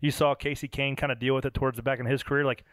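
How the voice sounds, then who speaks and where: A man hosts a podcast and chats casually, spinning animated stories with the odd swear word. His voice sits at an ordinary pitch. The studio sound is dry and close. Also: very fast, no room sound. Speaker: podcast host and race driver. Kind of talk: casual chat.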